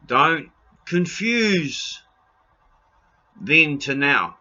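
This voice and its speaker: A man's voice: on the high side, expressive, unhurried, pauses often, sharp tone, dull audio. A New Zealand man in an impassioned rant to camera, blunt and pleading, raising his voice and swearing freely. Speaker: video blogger.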